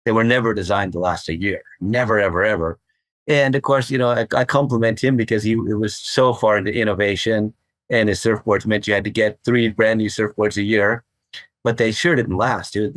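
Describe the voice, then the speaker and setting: A man's voice: on the low side, no echo. An older man, a surfboard craftsman, talking as a guest in a podcast interview, enthusiastic and rambling, often repeating words.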